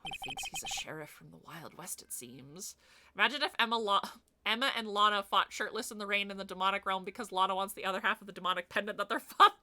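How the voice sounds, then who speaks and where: A woman's voice: mid-range voice, expressive, fast talker. A woman streaming a game, chatting casually, laughing and swearing as she goes. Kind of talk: casual let's-play commentary. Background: loud game music.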